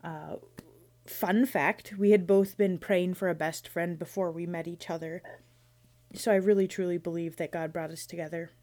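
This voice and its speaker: A woman's voice: fairly low pitch, fairly even intonation, normal speed, a little mellow. A woman in her thirties hosting her own podcast, chatting casually and playfully, rambling with restarts. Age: 30s. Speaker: podcast host. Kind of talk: casual solo podcast chat.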